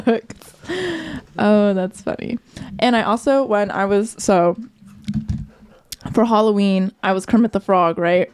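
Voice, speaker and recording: A young woman co-hosting a podcast, chatting casually in a giggly, excitable way. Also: mid-range voice, measured pace, pauses often, clear, resonant tone, dry recording. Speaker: podcast co-host. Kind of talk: casual chat.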